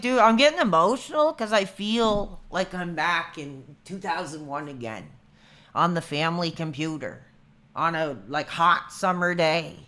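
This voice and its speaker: A man's voice: high voice, bright, forceful tone. A man in his thirties chatting casually on a livestream, rambling and laid-back, calling everyone dude. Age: 30s. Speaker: streamer.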